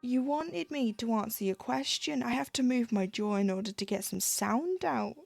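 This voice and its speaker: A woman's voice: a little high, expressive, normal speed, creaky, a little mellow, no echo, soft background music. A woman chatting casually on a live stream while she stitches, acting out little quoted exchanges with a self-deprecating humor.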